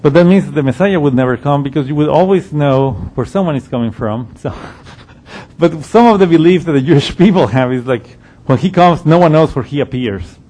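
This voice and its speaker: A man's voice: fairly high pitch, lively intonation, brisk, dark tone. A man teaching through a Bible passage in a conversational, explanatory way. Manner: conversational, explanatory, with frequent restarts and ums.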